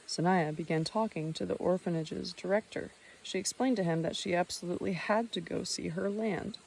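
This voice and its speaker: Mellow low-voiced woman narrating a book. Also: moderate pace, gravelly, slight background noise. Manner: steady reading with occasional slips and footnotes read aloud. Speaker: audiobook narrator. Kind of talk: audiobook narration.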